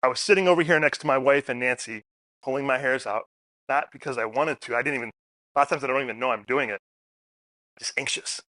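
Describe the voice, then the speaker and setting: A man's voice: medium pitch, fast talker, dry recording. A man giving a personal storytelling talk at a public forum, acting out the people in his stories. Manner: animated storyteller, acts out quotes.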